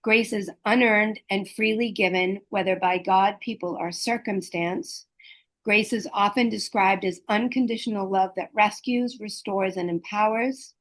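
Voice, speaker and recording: A middle-aged woman, a hospice liaison and educator, speaking gently and earnestly about caregiving, with pauses and fillers. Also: medium pitch, fairly even intonation. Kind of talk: reflective talk on caregiving.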